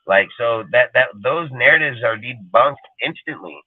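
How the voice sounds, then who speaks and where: A man's voice: mid-range voice, expressive, normal speed, husky, dry recording, narrow, tinny audio. A man hosting a casual sports talk show, ranting emphatically and cursing often.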